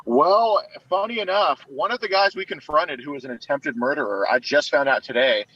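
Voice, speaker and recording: A man's voice: on the high side, moderate pace, breathy edge, no echo. Man on a dull, dry call line. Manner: relaxed, uses a lot of filler words. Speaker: guest. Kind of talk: casual interview answers.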